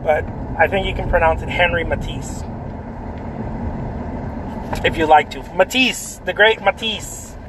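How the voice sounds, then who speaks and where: A man's voice: high-pitched, moderate pace, background noise. A man, an artist, chatting casually about art, rambling, repeating himself and tagging lines with "right?". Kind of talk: casual vlog talk.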